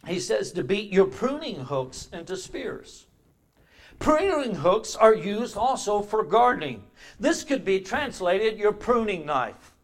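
An older man delivers a sermon, his voice sitting rather high for a man. He has a relaxed, folksy way of telling stories and homespun asides from the pulpit. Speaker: pastor.

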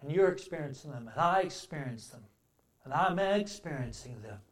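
A man delivers a sermon in a fairly high voice. He builds to loud, emphatic declarations, then drops into quiet, reflective passages. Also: animated, normal speed. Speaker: preacher.

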